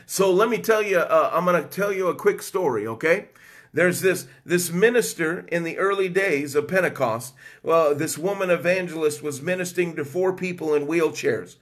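A man with a voice on the high side and a bit bright preaches a fervent Pentecostal sermon at normal speed. He breaks into cries of "whoo" and "come on" and bursts of speaking in tongues.

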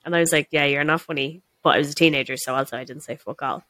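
A woman's voice: very deep voice, racing, a bit bright. Sweary Dublin woman telling a story. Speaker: podcast co-host. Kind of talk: casual chat.

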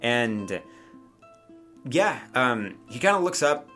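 A man's voice: mid-range voice, very animated, takes it slowly, music in the background. A man narrating a tabletop game as game master, rambling with many fillers.

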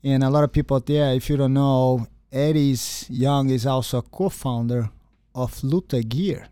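An earnest male podcast host, mellow tone. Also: medium pitch, steady tone, clear, resonant tone, dry recording, clean studio sound. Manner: earnest, halting with repeated words. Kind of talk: interview questions.

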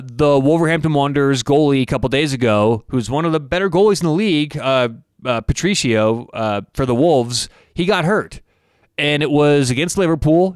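Rambling man, smooth dry voice. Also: mid-range voice, no echo. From United States. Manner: rambling, many restarts and asides. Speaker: sports betting podcast host. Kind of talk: casual talk with a read ad.

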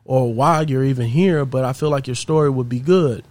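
A man's voice: mid-range voice, normal speed, a little mellow, dry recording, lightly acted. Brief: easygoing male radio DJ, lifted coaxing voice, put on by a man, dry sound.

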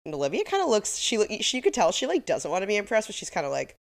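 A woman's voice: mid-range voice, huge pitch swings, fast talker. A woman with a slight lisp, co-hosting a casual podcast and wryly reading out quotes from her notes. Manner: wry, reads quotes from episode notes. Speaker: podcast co-host. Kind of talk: casual recap chat.

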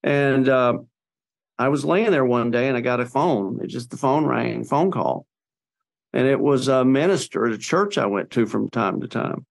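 A man's voice: mid-range voice, normal speed, creaky. A man, a podcast guest, telling a personal story in an earnest, conversational way with plenty of fillers and restarts.

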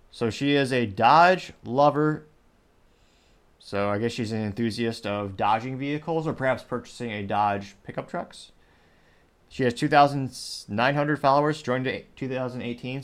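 A man hosting a commentary show, reading social media replies aloud in a dry, mocking way. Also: mid-range voice. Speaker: show host.

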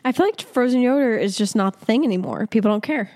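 A woman's voice: fairly high pitch, expressive, quick pace, darkish tone. Blunt, chatty woman podcast host. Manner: blunt, emphatic, playfully teasing. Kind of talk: casual chat.

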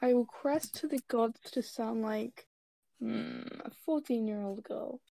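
A woman with a British accent chatting casually on an online voice call, offering playful opinions with hesitant pauses. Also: a little high, creaky, warm tone, dry recording. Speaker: friend recording the chat. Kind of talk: casual chat.

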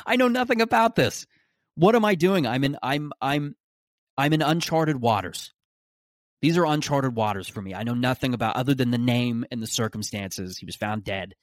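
A man's voice: medium pitch, normal speed, no echo, studio quality. A young man, hosting a casual solo podcast, rambling with restarts and self-mocking jokes. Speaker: podcast host.

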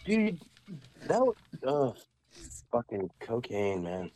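A man casually telling profane stories on a podcast, acting out callers in mocking high voices. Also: wildly swooping pitch, takes it slowly, crowd noise. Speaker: podcast co-host. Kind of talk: casual chat.

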